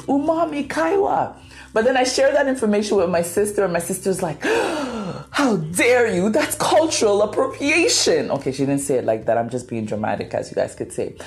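A podcast host tells a story in a low voice, keeping it casual and animated while acting out quotes dramatically. Cree is her first language.

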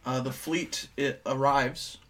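A young man chatting casually, recapping scenes in a relaxed, offhand way and tossing in quick asides. His voice sits at an average pitch for a man. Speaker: co-host. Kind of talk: casual chat.

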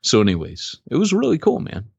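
A man co-hosting a podcast, telling a story in a casual, excitable way. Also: mid-range voice, fairly quick, creaky, husky, no room sound. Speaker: podcast co-host.

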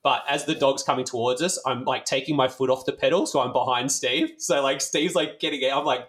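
Fairly quick and mid-range in pitch, with few pauses, an Australian bloke rattles through a rambling casual anecdote. He swears freely, leans on fillers and stays animated throughout.

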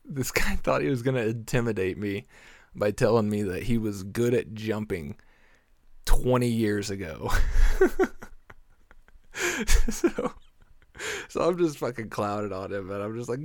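A man's voice: lowish voice, moderate pace, no echo, clean studio sound. A man telling a story casually, swearing a lot, laughing often and acting out the exchanges. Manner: animated retelling, acting out exchanges.

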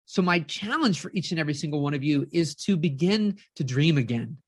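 A woman life coach giving an energetic live-streamed motivational talk, keeps checking in with her audience and acts out inner voices. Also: deep voice, a little fast, husky, dry recording.

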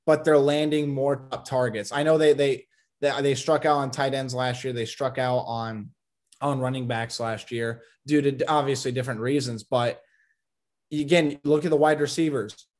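A man's voice: mid-range voice, steady tone, moderate pace, darkish tone. A man co-hosting a casual sports talk show, giving opinionated takes on college football recruiting and teasing his co-host.

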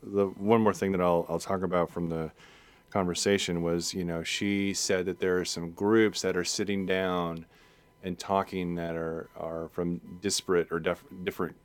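Deep-voiced man, halting podcast talk. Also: clear, resonant tone. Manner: halting, many restarts and fillers. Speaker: podcast co-host. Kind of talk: casual podcast conversation.

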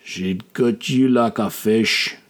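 Man playing burly quiet sailor, slow rumble, menacing, few words.

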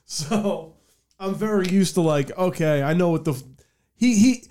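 A man's voice: sits high, lively intonation, moderate pace, dark tone. A young man, hosting a podcast and rambling through a profane story with laughs. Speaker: podcast host. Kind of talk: casual storytelling chat.

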